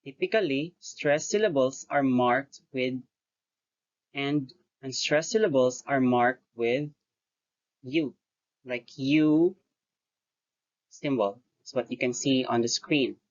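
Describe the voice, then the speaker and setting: A teacher talks through a lesson at an unhurried pace, breaking sentences into short phrases. They stop now and then to correct their own wording. The recording sounds dull and lo-fi. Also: mid-range voice. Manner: deliberate, pauses often between phrases, corrects own wording. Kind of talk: recorded lecture-style lesson.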